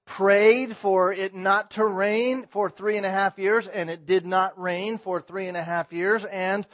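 A man's voice: high voice, fairly even intonation, measured pace, fairly bright tone. A man preaching an expository sermon, verse by verse, building emphasis on key points. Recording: slightly muffled lo-fi sound.

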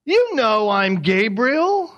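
A man's voice: high-pitched, big pitch swings, unhurried, a bit bright, muffled recording, voice pushed up, exaggerated voice. A man voicing a brash, blunt male archangel messenger who speaks in emphatic, streetwise tones.

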